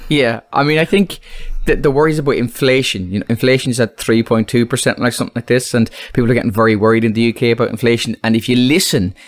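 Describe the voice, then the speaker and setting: A man's voice: mid-range voice, fast, hardly any pauses, no room sound. A man with an Irish accent, a guest comedian riffing on a comedy podcast. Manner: animated, riffing, bursts into put-on voices.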